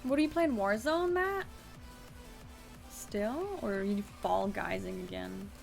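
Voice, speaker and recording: Young woman streamer, fry-heavy voice, casual and chatty, reads a story game aloud. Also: medium pitch, unhurried. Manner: chatty, swears casually, talks to chat and her cat. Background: faint music.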